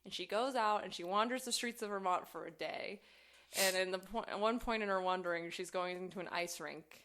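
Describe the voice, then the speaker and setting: A woman co-hosting a podcast in casual chat, recapping movies as an animated storyteller who swears freely and laughs often. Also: medium pitch, a little fast. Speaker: podcast co-host.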